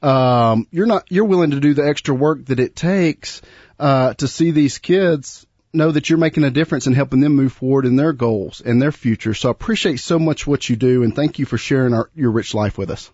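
A man's voice: medium pitch, a little fast, a little mellow, husky, no echo, muffled recording. A man hosting a radio talk show, chatty and prone to repeating words. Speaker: host.

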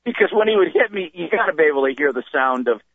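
A man's voice: a little high, quick pace, no room sound, narrow, tinny audio. A male comedian telling funny stories from his life in a casual chat, acting out the voices of the people in them. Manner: animated storyteller who acts out voices. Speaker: comedian guest.

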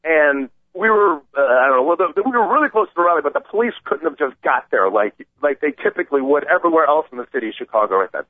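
A man calling in to a radio show and telling an animated, rambling story, acting out the voices of the people in it. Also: fairly high pitch, quick pace, hardly any pauses, no room sound. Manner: excited, acts out quoted voices, rambling. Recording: tinny phone line, dry.

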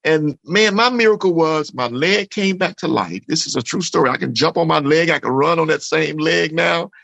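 A man's voice: a little high, normal speed, creaky, a bit bright, dry recording, highs cut off. A man giving an earnest, emphatic personal testimony in an interview, repeating phrases and often saying "man". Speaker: interview guest. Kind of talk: emotional personal testimony in conversation.

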